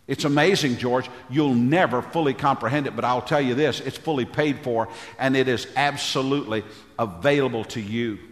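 A man's voice: mid-range voice, normal speed. A male pastor preaching a sermon in a church, building his points through emphatic repeated phrases and calling on the congregation for amens. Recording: long hall reverb.

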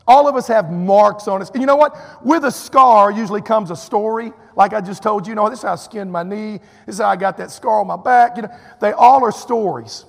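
A man's voice: high voice, brisk, vocal fry, hardly any pauses, in a large hall. A man from Texas preaching a sermon, telling a story and acting out what people said, with lots of "you know" asides. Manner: animated, acts out quotes, drawling fillers.

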